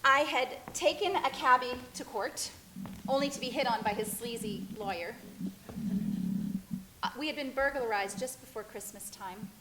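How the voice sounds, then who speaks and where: Expressive higher-voiced woman storyteller. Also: normal speed, a little hiss or hum, rough recording. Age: middle-aged. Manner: expressive, wistful, self-reflective. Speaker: performer telling her life story. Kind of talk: theatrical one-woman monologue. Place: stage.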